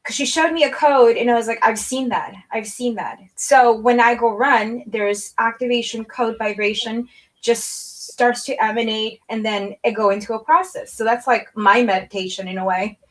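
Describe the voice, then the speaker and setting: A woman's voice: on the high side, steady tone, moderate pace, poor audio. A woman joining a casual live online chat over a video call, telling a story in long run-on sentences.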